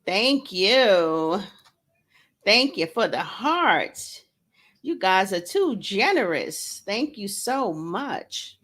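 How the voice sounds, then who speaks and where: A woman's voice: mid-range voice, big pitch swings, drawn-out words, a bit bright. A woman hosting a casual livestream from home, chatting with viewers, greeting them by name and joking around. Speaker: livestream host and author. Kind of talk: casual live-stream chat.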